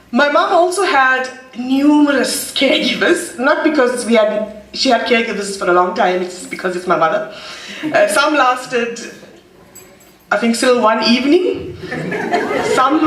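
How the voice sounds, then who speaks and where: A man, the son of the deceased, from South Africa, giving a funeral vote of thanks with halting pauses and gentle humor. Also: high-pitched. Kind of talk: funeral speech. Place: funeral hall. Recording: roomy hall, mic at a distance.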